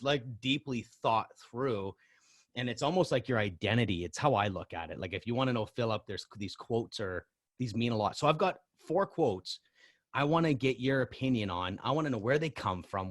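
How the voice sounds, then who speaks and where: A man's voice: mid-range voice, no room sound, clean studio sound. A man hosting a podcast, introducing topics with enthusiasm and asking his guest questions. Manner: enthusiastic, asks questions and reacts warmly. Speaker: podcast host. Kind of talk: casual interview chat.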